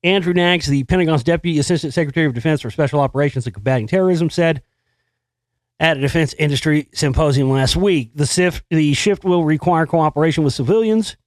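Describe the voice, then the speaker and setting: A man hosting a talk show in a slightly high voice, recorded dry and close. He rambles through news stories with sarcastic, profane asides. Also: fast, no room sound. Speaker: host. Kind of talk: casual monologue commenting on news.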